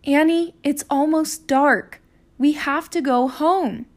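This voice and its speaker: A woman's voice: high-pitched, slow, voice pushed up. A woman voicing a sensible, cautious eight-year-old boy in a children's story read-aloud, sounding reluctant and exasperated. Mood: urging.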